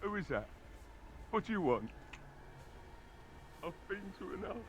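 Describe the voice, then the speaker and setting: A man voicing a gruff, bitter old village blacksmith who is drunk, with a weary drinker's drawl, in a video game. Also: high voice, very animated, unhurried, a little hiss or hum. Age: older.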